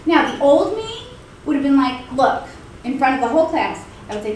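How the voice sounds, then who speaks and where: A middle-aged woman lectures a college class in a high voice, chatty and anecdotal, slipping into the people she quotes. She is picked up from far off in a very echoey classroom, with faint noise behind her. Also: very animated, fairly quick. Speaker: college communication instructor.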